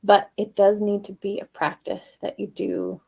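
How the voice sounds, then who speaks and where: A woman teaching singing in a relaxed, chatty way, full of little fillers and soft laughs. Her speaking voice has a slight gravel to it, and it sits mid-range for a woman. Between explanations she fires off short, loud staccato exercises that jump up into head voice. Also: moderate pace. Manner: demonstrates staccato "ha" exercises jumping high into head voice. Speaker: vocal coach. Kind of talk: live online singing lesson.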